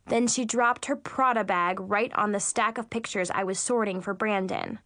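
A woman reading a storybook aloud in the first person, chatty and expressive. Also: mid-range voice, moderate pace, few pauses, no room sound, studio quality. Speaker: audiobook narrator.

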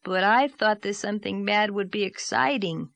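A woman's voice: medium pitch, moderate pace, creaky, fairly bright tone, no room sound, voice pushed up. A woman voicing a blunt, aggrieved six-year-old boy in a storybook reading. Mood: scornful. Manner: childish, plaintive, matter-of-fact.

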